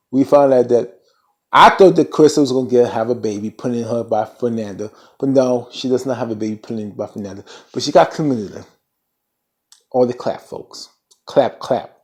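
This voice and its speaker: A man casually recapping a TV episode in an animated, slangy way, full of playful asides. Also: medium pitch. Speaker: TV recap vlogger.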